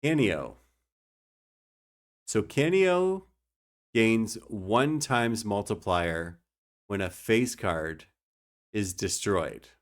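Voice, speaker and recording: A man's voice: fairly low pitch, expressive, very slow, long pauses. A young man streaming a card game, explaining his moves and joking with his chat. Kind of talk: casual gameplay commentary.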